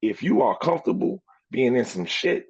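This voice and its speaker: A man with a gravelly, husky voice tells an animated, profane story in a casual podcast manner. The recording sounds dull and lo-fi, with a dry, close feel. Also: mid-range voice, normal speed, dry recording. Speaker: podcast co-host.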